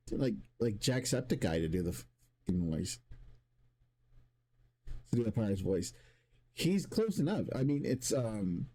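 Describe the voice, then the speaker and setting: Mellow-voiced man ranting with restarts. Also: medium pitch. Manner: rambling, many restarts and swearing. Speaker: streamer. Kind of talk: casual rant to stream chat.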